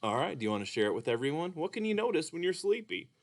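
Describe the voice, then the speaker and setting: A man teaching children in a gentle, patient way during a puppet lesson. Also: fairly high pitch, big pitch swings, quick pace. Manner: gentle, patient, explaining to kids.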